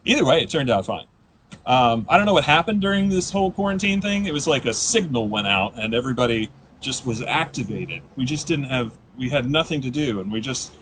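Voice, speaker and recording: Rambling deadpan male stand-up comic. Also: medium pitch, slight background noise. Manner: rambling, self-deprecating, deadpan asides with restarts. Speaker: stand-up comedian. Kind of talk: live stand-up set. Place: comedy stage before a live audience.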